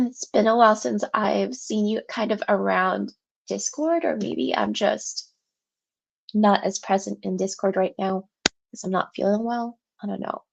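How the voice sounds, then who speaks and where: Her voice is creaky and medium-pitched, and she talks a little slowly. She's a writing-session livestream host at home, congested and short of breath with a sore throat, chatting loosely with her viewers and laughing a lot.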